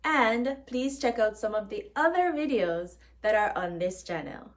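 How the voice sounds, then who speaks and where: Jamaican lady teaching, slow and careful, kinda high voice. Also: lively intonation, slight background noise. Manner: warm, clear, careful teaching delivery. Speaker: language teacher. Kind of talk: friendly language lesson.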